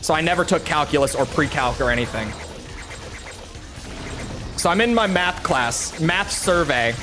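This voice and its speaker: A man's voice: fairly high pitch, lively intonation, normal speed, music in the background. A young man streaming a game, telling a rambling, self-mocking story in casual chat with lots of restarts. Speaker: gaming streamer.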